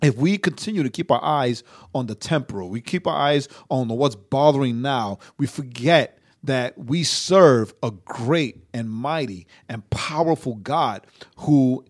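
Unhurried and mid-range in voice, a young podcast co-host talks casually about faith. He wanders off track, trips into restarts and frequently adds "right?" to the end of sentences.

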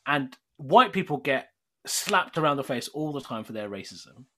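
A man's voice: medium pitch, moderate pace. A middle-aged man, a guest in a casual chat, telling stories with lots of laughter. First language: not English. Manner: animated storyteller, laughs often.

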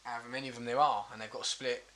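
A man's voice: medium pitch, steady tone, racing, sharp tone. A man co-hosting a podcast in casual chat, chatty and often laughing along.

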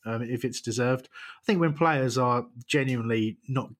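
A man co-hosting a casual football podcast, sarcastic and quick to laugh. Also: medium pitch. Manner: jokey, sarcastic, laughs often. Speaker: podcast co-host.

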